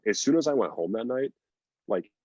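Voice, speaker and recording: A man's voice: medium pitch, animated, normal speed, darkish tone, breathy edge, no echo, muffled recording. A man guest on a podcast, telling a long story in a rambling, casual way with lots of fillers and acted-out quotes. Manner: rambling, filler-heavy, acts out quoted lines.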